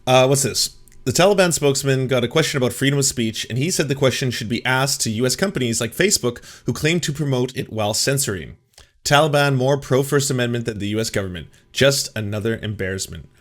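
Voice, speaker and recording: A man's voice: mid-range voice, fast talker. A man hosting a casual political commentary chat, joking and rambling with restarts. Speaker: host.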